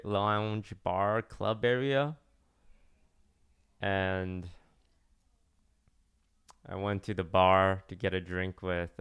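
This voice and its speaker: Casual young man with a gravelly voice. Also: deep voice, fairly bright tone. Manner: rambling, many restarts and "like" fillers. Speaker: streamer telling a story. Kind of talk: casual storytelling.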